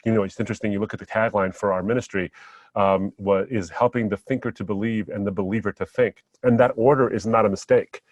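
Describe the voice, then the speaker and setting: A man speaking as a guest on a podcast, reflecting on memories and telling stories in a relaxed, anecdotal way. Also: fairly low pitch, fast talker, no echo, highs cut off. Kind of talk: podcast conversation.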